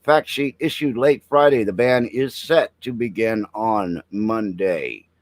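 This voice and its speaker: A middle-aged man hosts a veteran's live stream, reading out headlines and then riffing on them bluntly and jokingly while talking to chat. His voice sits on the low side and he speaks slowly. The recording is rough, with no echo.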